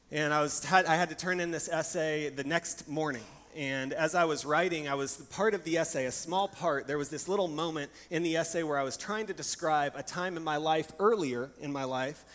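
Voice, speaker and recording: A man's voice: fairly high pitch, a bit bright. A young adult man preaching a sermon, telling stories in a candid, conversational and personal way. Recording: long hall reverb, faint background hiss.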